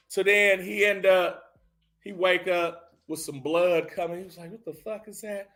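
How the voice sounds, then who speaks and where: Man, high and bright-voiced; profane, animated comedic storyteller doing characters mid-recap. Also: unhurried.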